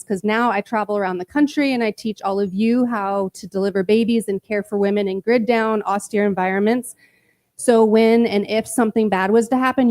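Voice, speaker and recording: A woman answers interview questions on a festival stage, speaking into a handheld mic. She talks directly and earnestly, in a confident middle-pitched voice. The recording is dry and close. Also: darkish tone, no room sound. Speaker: paramedic and midwife instructor, guest. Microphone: handheld microphone.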